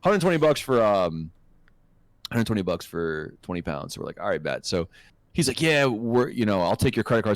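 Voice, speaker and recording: A man co-hosting a podcast, telling a profane, animated anecdote in a casual chat. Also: lowish voice, normal speed, dry recording. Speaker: podcast co-host.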